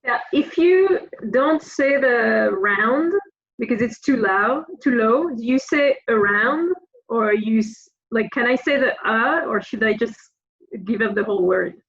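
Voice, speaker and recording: A woman's voice: a little high, animated, a little slow, fairly bright tone, slightly rough, muffled recording. A woman singer in a choir asking her leader a hesitant question.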